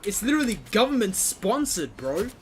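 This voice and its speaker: A man's voice: high-pitched, sing-song, moderate pace. A young man, casually commenting on gameplay while ranting with lots of swearing and fillers. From Australia. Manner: ranting, profane, frequent fillers. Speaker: gaming streamer.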